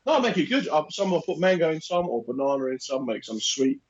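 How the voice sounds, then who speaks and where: A man co-hosts a relaxed chat and tells lively, exaggerated stories, slipping into other people's voices as he goes. His pitch moves up and down a good deal. The recording sounds a little muffled and lo-fi. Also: quick pace. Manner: animated storyteller, acts out other people's lines. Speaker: podcast co-host. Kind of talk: casual chat.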